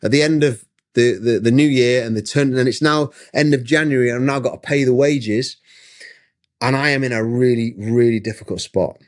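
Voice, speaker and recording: Over a video call from his studio, a middle-aged man appears as an interview guest, recounting a personal story with emphasis and animation and often restarting his sentences. His voice is mid-range and his speed is normal.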